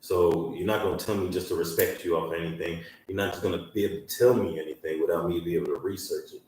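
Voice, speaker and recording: Blunt low-voiced man in an echoey room. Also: steady tone, fast, a little mellow, slight background noise. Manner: blunt, profane, combative. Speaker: podcast co-host. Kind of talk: casual chat. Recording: echoey room, mic far off.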